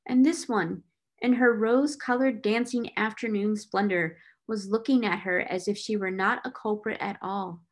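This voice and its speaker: A woman reading a classic novel aloud in a clear, expressive storytelling manner. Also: medium pitch. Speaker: reader.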